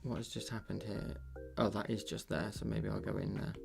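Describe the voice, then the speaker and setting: Casting note: man, low gravelly voice, rambling streamer thanking chat over soft music. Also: fairly even intonation, fairly quick. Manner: rambling, thinks aloud, many fillers and restarts. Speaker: digital painting livestreamer. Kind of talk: casual livestream chat while painting.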